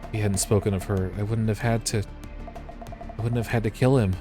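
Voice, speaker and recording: A scheming woman villain creeps through her lines, low and slow, as a man puts her on. The pitch sits deep. Faint game music plays underneath. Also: steady tone, close to an everyday voice. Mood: menacing. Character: scheming young woman posing as a ghost.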